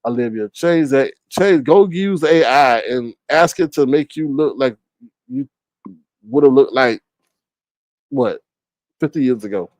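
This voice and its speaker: A man's voice: slow pace, pauses often, a little mellow, dry recording, clean studio sound. A man hosting a livestream, roasting people in a sassy, theatrical way. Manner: sassy, theatrical, swings pitch. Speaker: livestream host. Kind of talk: casual roast commentary.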